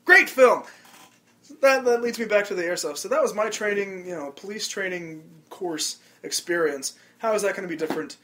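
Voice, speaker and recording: A man's voice: high-pitched, normal speed. A man hosting a casual podcast chat, telling stories with lots of swearing, laughter and acted-out quotes, with a slightly stuffy nose. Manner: animated, acts out quotes, laughs often, swears freely. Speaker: podcast host.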